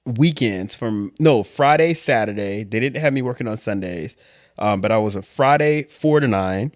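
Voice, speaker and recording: A man tells stories in a casual, animated way. His pitch jumps around a lot as he talks. The sound is dry and close. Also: dry recording. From Queens, New York. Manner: animated, quick asides and laughs. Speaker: vlog host telling his story. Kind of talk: casual storytelling chat.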